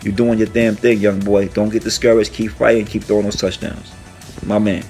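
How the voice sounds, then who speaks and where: A man hosting a sports talk show in a casual, profane monologue, giving brash shout-outs and trash talk. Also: lowish voice, flat delivery, fairly quick, soft background music. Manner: hums "mm, mm" between topics. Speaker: sports radio host.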